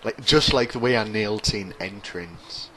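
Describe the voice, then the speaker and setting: A man's voice: lowish voice, moderate pace, fairly bright tone, slight background noise. A man commentating over his own racing game, rambling, sarcastic and mocking himself. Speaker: gaming commentator.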